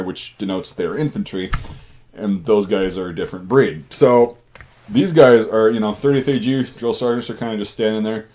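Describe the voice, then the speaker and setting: A man's voice: on the low side, a little mellow. A man hosting his channel, casually telling army stories in a rambling, profane way. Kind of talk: casual storytelling.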